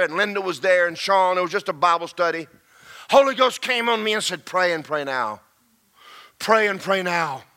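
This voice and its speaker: A high-voiced man preaches a sermon. His tone is very bright and gravelly. He drops to low murmurs, then rises to shouts. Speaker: pastor.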